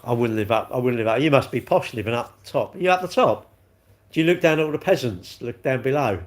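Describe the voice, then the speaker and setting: Live streamer, man, cheeky rambling banter, mid-pitched voice. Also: expressive, fast. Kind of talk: casual live-stream chat with viewers.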